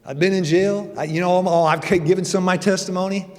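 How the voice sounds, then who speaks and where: A man's voice: sits high, fairly even intonation, fast. A man in his sixties, a church elder, giving a folksy, joking sermon with his personal testimony. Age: 60s. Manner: folksy, joking, conversational preaching. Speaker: church elder and guest speaker. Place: church sanctuary. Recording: long reverb of a church hall.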